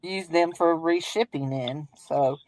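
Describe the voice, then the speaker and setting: A woman's voice: low-pitched, takes it slowly, darkish tone, no room sound, low-quality recording. A woman with a Southern US accent who hosts a crafting stream, chatting casually in a rambling, folksy way and laughing often. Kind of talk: casual chat while crafting.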